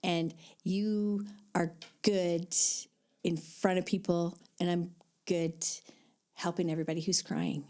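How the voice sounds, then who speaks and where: A woman's voice: fairly low pitch, little pitch movement, slow, mellow. A woman artist and teacher chatting as a guest in a casual conversation, upbeat and easygoing. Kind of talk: casual chat.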